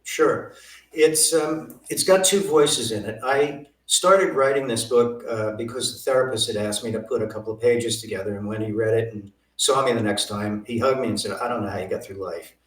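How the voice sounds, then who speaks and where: A man's voice: mid-range voice, moderate pace. Older guy telling his life story, acts out all the back-and-forth, sounds roomy and a bit far from the mic. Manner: vivid storytelling, acts out quoted dialogue. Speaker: guest. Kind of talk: personal storytelling in an interview. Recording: roomy echo, distant mic.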